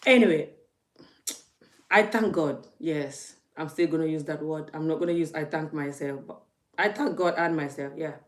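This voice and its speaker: A woman's voice: low-pitched, moderate pace. A woman vlogging into her phone, emphatic and laughing, often repeating her words. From Gambia. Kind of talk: casual ranting vlog.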